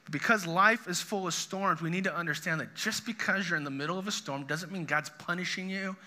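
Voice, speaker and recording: A man preaching a sermon in a high, very bright, sharp voice. He talks earnestly, throws rhetorical questions at the congregation, and sinks low and soft for quoted words of comfort. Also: brisk. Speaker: pastor.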